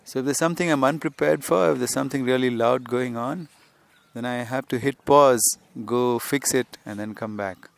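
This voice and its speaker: A man's voice: mid-range voice, normal speed, gravelly, dry recording. Man musing through an outdoor podcast lesson. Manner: conversational, rambling, with frequent "you see". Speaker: spiritual teacher and podcast host. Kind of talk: unscripted podcast teaching. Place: outdoors on a hillside.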